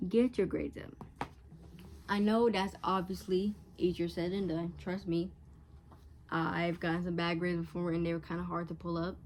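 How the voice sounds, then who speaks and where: A woman's voice: lowish voice, level tone, moderate pace, background noise. A teenage girl vlogger giving frank, chatty advice straight to camera, casual and blunt. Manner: chatty, frank, acts out catty voices in quotes.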